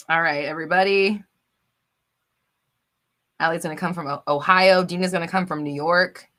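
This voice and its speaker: A woman's voice: on the low side, fairly even intonation, moderate pace, long pauses, a bit bright. A woman hosting a casual live chat Q&A, talking loosely with many fillers and reading out viewer comments. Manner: chatty, lots of fillers, reads out viewer comments.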